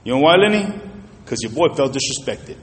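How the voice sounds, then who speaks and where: A man preaching a sermon, telling a personal story in an animated way and talking straight to the congregation. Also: medium pitch, brisk. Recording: reverberant hall.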